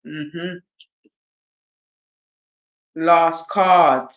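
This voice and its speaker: A woman with a South East London accent giving an oracle card reading in a casual livestream chat, animated and laughing, with streetwise slang and swearing. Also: low voice, very slow, muffled recording.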